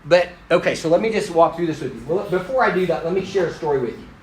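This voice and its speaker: A man's voice: fairly high pitch, quick pace, reverberant, slight background noise, rough recording. A middle-aged man giving a conversational storytelling sermon to a congregation, speaking to the crowd directly and poking fun at himself. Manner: conversational and self-deprecating, addresses the crowd directly. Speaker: pastor.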